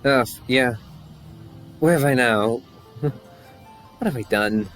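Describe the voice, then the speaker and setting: A man streaming a game live, reacting out loud in an animated way. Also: mid-range voice, slow pace, soft background music. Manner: animated, laughing, reacts aloud. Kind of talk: live gaming commentary.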